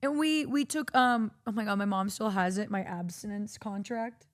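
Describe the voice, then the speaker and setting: A woman's voice: medium pitch, normal speed. A young woman from Texas, streaming host telling a story in casual chat, swearing freely and acting out quotes. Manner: animated, swears freely, acts out quotes in a raised voice.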